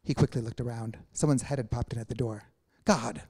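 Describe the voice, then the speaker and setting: A man reading a nineteenth-century novel aloud in measured literary narration. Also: medium pitch, steady tone, warm tone, husky. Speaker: reader of a translated novel.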